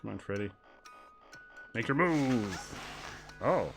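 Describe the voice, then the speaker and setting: A young male streamer with a bright, forceful voice who jokes with chat and swings from loud outbursts to quiet mumbling. Faint music plays underneath his livestream gameplay commentary. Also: on the low side, very animated, creaky. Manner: joking, quick shifts between loud outbursts and mumbling.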